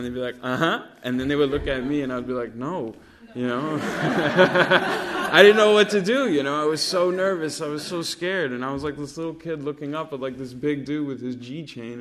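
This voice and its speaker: A man's voice: mid-range voice, a little hiss or hum. A man in his thirties sharing his life story at a recovery meeting, rambling with lots of fillers and swearing. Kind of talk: casual personal storytelling.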